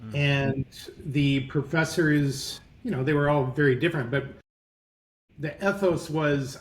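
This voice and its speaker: A man in his fifties telling rambling, animated stories as a podcast guest. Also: a little high, unhurried, echoey room, low-quality recording. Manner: rambling, animated, self-correcting anecdotes. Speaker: guest entrepreneur. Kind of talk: conversational interview storytelling.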